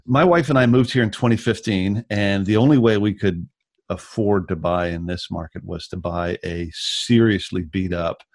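A man from Canada, a musician guest, chatting in a relaxed, rambling way over a video call. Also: on the low side, normal speed. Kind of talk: casual remote chat.

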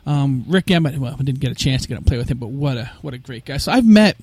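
A man guest talking about his life as a musician in a casual interview, telling stories with lively acted-out quotes. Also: medium pitch, fast, slightly rough, no room sound. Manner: animated, acts out quoted voices.

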